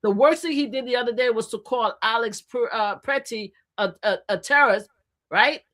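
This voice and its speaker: A woman's voice: a little high, normal speed. Emphatic woman streamer talking politics. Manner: animated, emphatic, addressing viewers directly. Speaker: livestream host. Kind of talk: opinionated political commentary to viewers.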